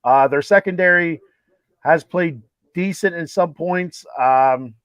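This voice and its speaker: A man's voice: a little high, slow, fairly bright tone, smooth, no echo. A man co-hosting a casual sports talk show, chatty, with lots of restarts and filler words. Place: home room, with a TV playing a ballgame behind. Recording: dull, dry lo-fi audio.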